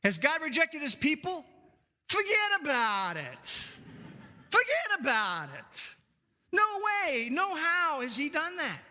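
A man's voice: very high-pitched, wildly swooping pitch, slow, pauses often, pushed and bright, voice pushed up, heavily acted. Preacher doing a brash New Jersey man. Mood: dismissive. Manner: emphatic, punchy repetition. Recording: long hall reverb.

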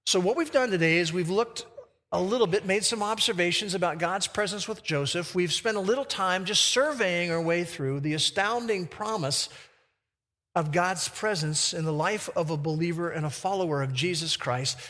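A man preaching a sermon who reads scripture slowly and with emphasis. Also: high voice, a bit bright, big-room sound. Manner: slow, emphatic verse reading.

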